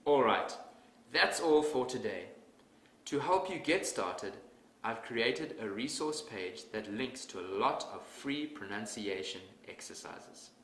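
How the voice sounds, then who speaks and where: A man teaching English pronunciation in a measured, deliberate scripted talk, leaning hard on example words. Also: mid-range voice, expressive, a bit bright. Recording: echoey room with faint ambience.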